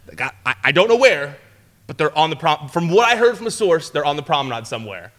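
A young man, a former entertainment reporter, telling a story in casual chat, full of fillers and restarts, acting out quotes in a higher voice. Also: big pitch swings, fast, a bit bright.

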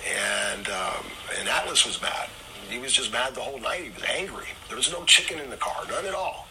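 A man's voice: big pitch swings, normal speed, vocal fry. Man, rambling storyteller, lots of fillers, noisy clip. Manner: rambling with many fillers, acts out quotes in a high voice. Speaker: storyteller recounting wrestling days. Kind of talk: casual storytelling.

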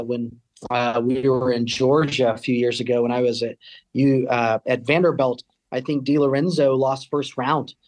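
A man's voice: medium pitch, darkish tone. A man, a college tennis coach, answering interview questions in a rambling way with many fillers and restarts. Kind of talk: casual interview.

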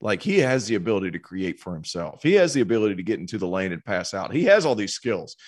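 A man talking college basketball as an analyst on a casual sports podcast, telling stories in a relaxed way. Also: lowish voice, fast. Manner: relaxed storytelling, animated when quoting others.

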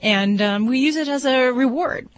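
A woman's voice: high voice, moderate pace, no room sound. Upbeat woman veterinarian on radio. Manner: enthusiastic, upbeat and explanatory. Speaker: veterinarian guest expert. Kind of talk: casual radio chat.

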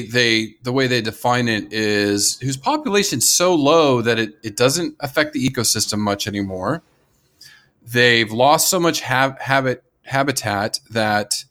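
A man's voice: medium pitch, lively intonation, unhurried, sharp tone. An American man co-hosting a casual conservation podcast, talking enthusiastically and rambling with frequent restarts. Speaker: podcast co-host.

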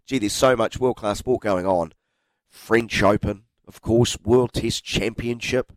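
A man with a New Zealand accent hosting a sports radio show, sounding nasal and blocked up from a cold, animated and teasing. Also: lowish voice, measured pace, no echo. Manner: animated, teasing, self-mocking. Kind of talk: casual sports radio chat. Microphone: studio microphone.

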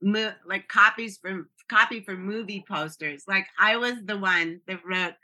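A woman's voice: mid-range voice, unhurried, bright, forceful tone. A woman in her sixties, a guest telling stories in casual chat, often laughing and restarting her sentences.

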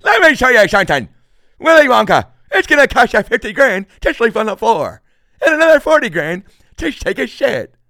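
A man voicing a money-grubbing male candy maker in a loud, strained, frantic comic voice. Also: very high voice, big pitch swings, moderate pace, creaky, no room sound, studio quality, pitched above the performer's own voice, heavily acted. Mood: manic.

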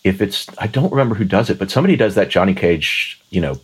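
A man's voice: sits low, animated, fast, slightly rough. A man co-hosting a podcast, chatting casually about a movie, rambling with restarts and laughs. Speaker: podcast co-host. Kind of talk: casual chat.

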